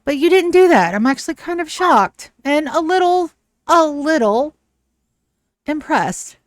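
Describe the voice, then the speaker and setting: A woman's voice: sits high, animated, unhurried, no room sound, pitched above the performer's own voice. A woman voicing a poised female cult leader in a tabletop game, sweetly condescending and fond of calling people dear. The recording is close and dry. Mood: amused.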